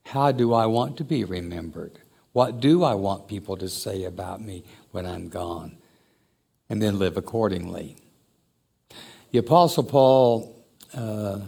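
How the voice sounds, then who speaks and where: Low-voiced pastor preaching. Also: male voice, vocal fry, darkish tone. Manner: conversational, reflective, rising to emphatic exhortation. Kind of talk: sermon.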